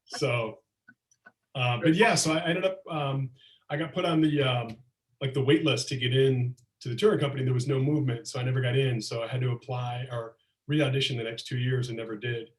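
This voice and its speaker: A middle-aged man telling lively anecdotes as a comedian guest, slipping into acted-out quotes, on a video call. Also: medium pitch, a little fast. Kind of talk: casual storytelling chat. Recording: roomy echo, far from mic.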